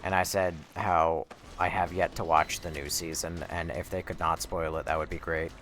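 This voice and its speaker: Deep-voiced young man streaming a game. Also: little pitch movement, normal speed, faint music behind. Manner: rambling, swears, reacts loudly to the game. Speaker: livestreamer playing a horror game. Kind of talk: casual gameplay commentary.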